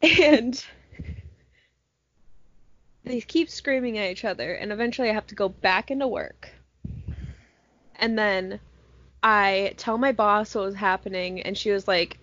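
A young woman chatting casually with friends and telling an animated story, swearing freely. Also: mid-range voice, unhurried, long pauses, dry recording. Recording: muffled lo-fi sound, dry.

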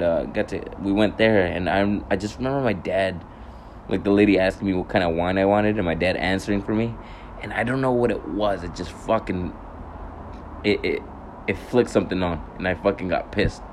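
A man's voice: fairly low pitch, creaky, darkish tone, slight background noise. A young man telling a casual, rambling story to his viewers, swearing often, correcting himself and laughing at his own anger.

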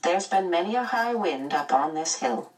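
A woman voicing a calm, brisk scientist mother who speaks lightly and reassuringly. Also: on the low side, recorded from a distance, lightly acted.

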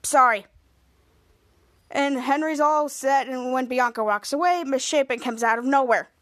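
A woman's voice: high voice, moderate pace. A woman podcast host casually recapping an episode, rambling and stringing lines together with "and he's like".

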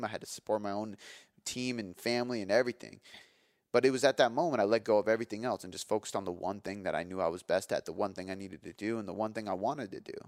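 A man in his thirties with a low voice, hosting his own podcast. He tells a candid personal story with energy and emphasis, swearing now and then. The sound is dry and close, with no room around it. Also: no room sound. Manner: energetic, emphatic, frequent fillers and profanity. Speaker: podcast host.

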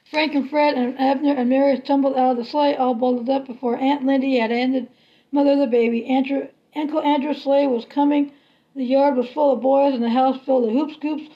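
A woman reads a children's novel aloud at a steady, unhurried pace. Her voice sits high. The recording is slightly dull and lo-fi. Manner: steady, unhurried storybook reading. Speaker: reader.

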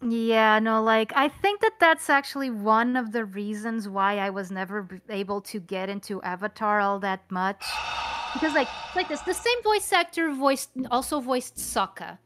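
Woman in casual chat, kinda high voice, halting, keeps restarting her sentences. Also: a bit bright. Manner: halting, often restarts and repeats phrases. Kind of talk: casual conversation.

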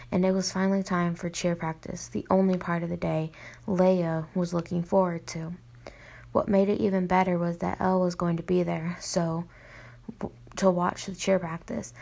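A woman's voice: on the low side, vocal fry, darkish tone. A young woman reading her own story aloud, plainly, stumbling and restarting often.

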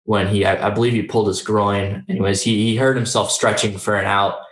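A man's voice: fairly low pitch, fairly even intonation, brisk. A young man talking in a casual, rambling sports chat, full of fillers and restarts. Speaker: podcast co-host. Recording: roomy echoey recording.

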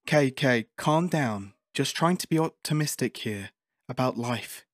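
A man voicing a calm, soft-spoken female agent who speaks quietly and apologetically. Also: mid-range voice, a little slow, no room sound, studio quality. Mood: soothing.

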